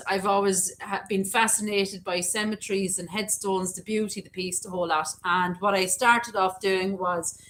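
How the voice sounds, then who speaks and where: A woman's voice: mid-range voice, fairly bright tone, low-quality recording. A woman with an Irish accent chatting enthusiastically as co-host of a live stream, reading and answering viewer messages. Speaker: co-host of a cemetery channel live chat. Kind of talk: casual live-stream chat.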